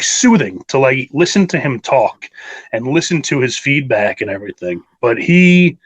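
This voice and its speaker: An enthusiastic man in his thirties from New York, talking through his memories in a loose, rambling way, full of fillers and restarts. His voice sits at an ordinary middle pitch for a man. He sounds like a guest chatting into a podcast mic. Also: rough recording. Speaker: wrestler guest. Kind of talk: casual interview.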